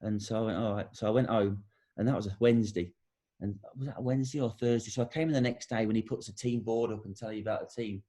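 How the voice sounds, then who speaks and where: A man's voice: fairly low pitch, quick pace, dark tone. A middle-aged man from England, a former footballer and guest, telling anecdotes in a casual interview and acting out the quotes. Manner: anecdotal storytelling, acts out quotes.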